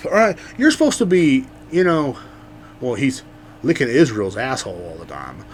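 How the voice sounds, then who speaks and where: Animated, profane podcast ranter. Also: male voice, medium pitch, normal speed, a little hiss or hum. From Central Texas, USA. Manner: profane, rambling, heated and sarcastic. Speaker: podcast host. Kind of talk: casual ranting monologue.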